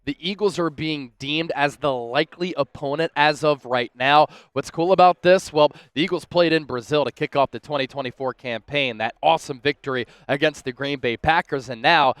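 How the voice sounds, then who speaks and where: Young guy doing upbeat sports news, kinda high voice, dry close sound. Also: moderate pace, hardly any pauses, a bit bright, clear, resonant tone, no room sound. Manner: upbeat, enthusiastic fan talk. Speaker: sports news show host. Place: on location at a big sports event.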